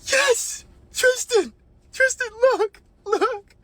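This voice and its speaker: A man voicing an excited young woman friend who gushes in a breathless, squealing way. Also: extremely high pitch, extremely slow, a little hiss or hum, voice pushed up, exaggerated voice.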